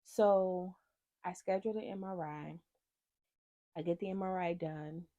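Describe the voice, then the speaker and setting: A woman vlogger telling a personal story in casual talk, animated, acting out what other people said to her. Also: on the low side, a little slow, highs cut off. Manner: animated, acts out quoted people in dialogue.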